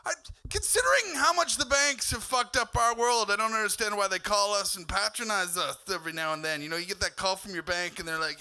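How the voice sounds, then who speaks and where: A man's voice: sits high, fairly quick, hardly any pauses, pushed and bright, clean tone. A man from Canada doing a live stand-up set in a comedy club, swearing freely and telling stories with exasperation. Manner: profane, exasperated storytelling.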